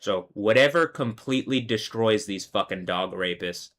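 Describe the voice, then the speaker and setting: A man's voice: lowish voice, moderate pace, a bit bright. A man hosting a livestream, delivering a heated, profane, repetitive tirade. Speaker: livestream host. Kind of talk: angry livestream rant.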